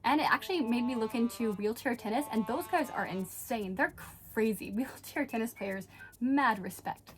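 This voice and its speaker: A young woman vlogger casually telling a story, animated and laughing often as she acts out the people in it. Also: on the high side, moderate pace.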